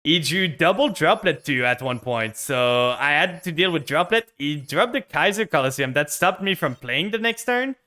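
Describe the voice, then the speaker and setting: A man's voice: fairly high pitch, animated, normal speed, hardly any pauses, bright, forceful tone. A young man streaming a card game, commenting live on his plays and ranting with frustration at his opponent.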